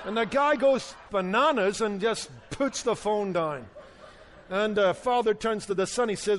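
A man with a notably high voice preaches a radio sermon as a Bible teacher. He tells his points through stories and voices the people in them. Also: moderate pace. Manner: storytelling preacher, acts out dialogue in his story.

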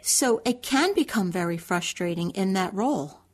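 Calm woman radio host. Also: mid-range voice, normal speed. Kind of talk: radio interview.

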